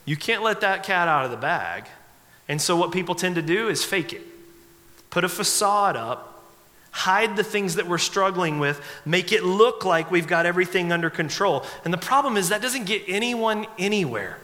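A man with a bright, forceful, fairly high voice preaches a sermon in a conversational way. He jokes with the congregation and acts out hesitant prayers. His voice rings out with a long reverb through the church hall. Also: expressive, normal speed. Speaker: pastor. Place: church sanctuary.

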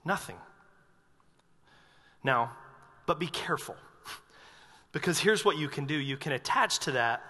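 A male pastor delivering a sermon with humor and animated storytelling. His voice is high and bright, and it rings with a long reverb through a large church sanctuary. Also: measured pace, pauses often. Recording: reverberant hall.

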